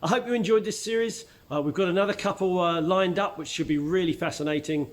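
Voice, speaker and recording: A man with a Cockney accent, croaky from being ill, hosting his channel and talking casually to the camera with plenty of fillers and restarts. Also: high-pitched, fast. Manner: chatty, with frequent fillers and restarts. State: croaky voice from illness. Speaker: aikido instructor and channel host.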